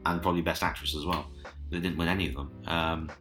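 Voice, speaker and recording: A young man co-hosting a podcast, chatting casually and relaxed, with lots of hesitant ums. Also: rumbling low, fast talker, soft background music. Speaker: podcast co-host. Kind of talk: casual chat.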